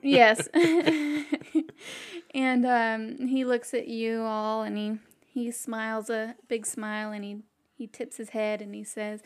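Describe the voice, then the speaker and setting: A woman's voice: on the high side, steady tone, slow pace, smooth. A woman narrating a tabletop game as game master, with lots of fillers and laughter. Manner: laughing often, filler-heavy.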